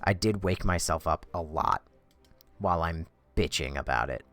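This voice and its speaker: A man's voice: sits low, normal speed, fairly bright tone, soft background music. A man ranting profanely and in exasperation while chatting on a game livestream from home. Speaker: game streamer. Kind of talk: livestream chat.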